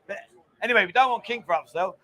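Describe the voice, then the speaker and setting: A man's voice: sits high, fast, sharp tone. A man hosting a casual livestream from his bar lounge, chatting and reading out viewer comments. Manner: chatty, banter-filled, reads viewer comments aloud. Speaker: bar owner and livestream host.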